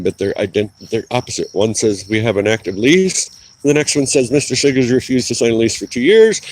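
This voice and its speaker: Agitated rambling man, mid-pitched. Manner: agitated, rambling, swings louder and higher when angry. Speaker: channel host giving an update. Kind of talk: casual ranting monologue.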